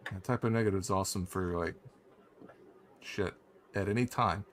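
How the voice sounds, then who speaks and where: A male game designer guest chatting loosely and excitedly over a video call, with many fillers. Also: low voice, normal speed, a little hiss or hum. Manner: loose and animated, heavy on fillers. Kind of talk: casual chat. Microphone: video call mic.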